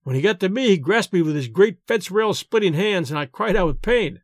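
A man narrating a short story audiobook in an expressive, animated way. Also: high voice, brisk, few pauses, no echo, studio quality.

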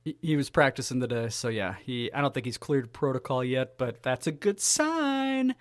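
A man's voice: mid-range voice, very animated, moderate pace, no room sound, clean studio sound. A man co-hosting a casual sports podcast, talking with wry jokes and asides. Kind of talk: casual chat.

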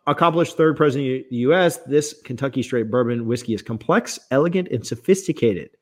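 A man's voice: mid-range voice, fairly quick. A man hosting a casual bourbon review chat, teasing his co-host playfully and reading labels aloud.

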